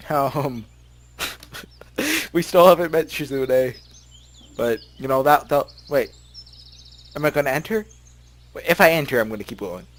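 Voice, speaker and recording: A let's play gamer with a mid-range voice records from his bedroom at home, reading a visual novel aloud and chatting loosely about it. He giggles, rambles, and stumbles over words often, and there's a bit of background noise.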